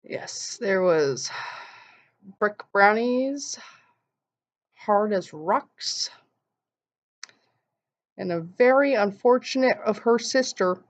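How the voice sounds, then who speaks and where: A young woman vlogger telling an animated story and acting out the quotes in voices. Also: medium pitch, drawn-out words, pauses often. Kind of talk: casual storytelling vlog. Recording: dull lo-fi sound.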